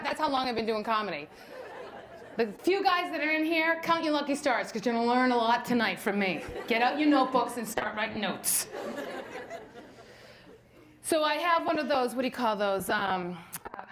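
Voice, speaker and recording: A middle-aged woman doing a stand-up comedy set, brassy and exasperated, live at a venue. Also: fairly high pitch. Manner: brassy, exasperated, mimics her husband. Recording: echoey room with crowd noise.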